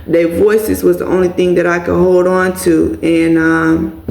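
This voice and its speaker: A woman's voice: lowish voice, flat delivery, a little slow, vocal fry, darkish tone. A woman vlogger telling an emotional personal story in a casual way, speaking straight to her viewers as "y'all.". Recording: echoey room.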